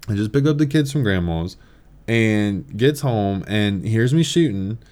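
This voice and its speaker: A young man hosting a podcast and telling a story in a casual, animated way, swearing and laughing as he talks. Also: fairly low pitch, unhurried. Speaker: podcast host.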